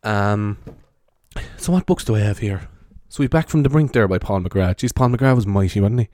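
An Irish podcaster rambles casually in a half-whispered ASMR style, carrying a handheld mic as he wanders around his bedroom. His voice sits on the low side at a moderate pace, recorded dry. He's meandering and chatty, swearing freely in a soft, hushed delivery.

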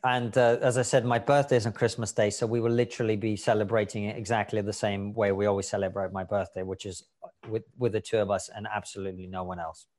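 Man, lowish voice, measured and matter-of-fact, casual panel talk over a video call. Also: flat delivery, darkish tone. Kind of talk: casual group chat.

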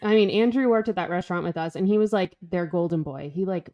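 Animated young woman telling a story. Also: fairly low pitch, quick pace, dull audio. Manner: animated storytelling, heavy use of "like", swears. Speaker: podcast co-host. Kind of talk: casual chat.

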